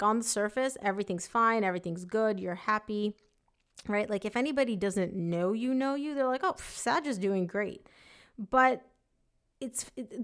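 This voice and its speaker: A woman giving a casual tarot reading, talking emphatically and often voicing her listener's thoughts. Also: medium pitch. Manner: chatty, emphatic, voices the client's thoughts. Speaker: tarot reader.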